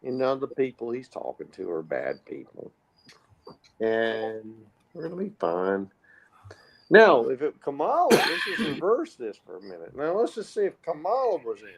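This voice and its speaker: A man hosting a casual political chat show, animated and often restarting his sentences. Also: medium pitch, normal speed, a little hiss or hum.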